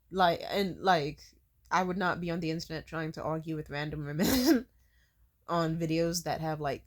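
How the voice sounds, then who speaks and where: A young woman vents straight to camera in a loose, sarcastic rant. Her talk is loaded with fillers, and she mocks the comments she quotes. Her pitch sits in a middle range for a woman. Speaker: video creator.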